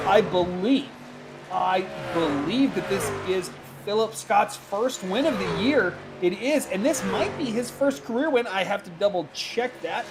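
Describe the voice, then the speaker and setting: A man doing play-by-play commentary for a sim racing broadcast, chatty and quick, laughing easily between calls. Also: high voice, noisy background.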